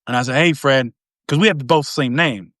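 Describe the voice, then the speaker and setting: With a brisk pace and mid-range voice, a middle-aged host from East Tennessee swaps stories casually, performing each quoted voice. The recording is clean studio sound without echo.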